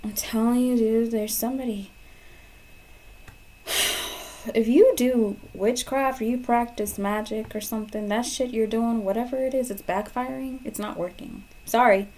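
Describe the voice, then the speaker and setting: A woman giving a pick-a-card tarot reading to camera. She is blunt and profane, repeats phrases for emphasis, and swings between loud emphasis and hushed asides. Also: on the high side, fairly even intonation, moderate pace. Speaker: tarot reader.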